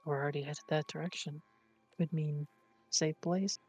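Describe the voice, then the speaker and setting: A woman at mid pitch plays a tabletop game, describing her character's moves casually. Her voice sounds dry and close, with faint music underneath. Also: steady tone, moderate pace, a little mellow, husky, dry recording. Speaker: player.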